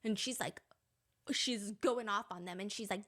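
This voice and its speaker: A young woman hosting a casual true-crime commentary, reading text messages aloud with animated indignation. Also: medium pitch, moderate pace. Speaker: commentary channel host.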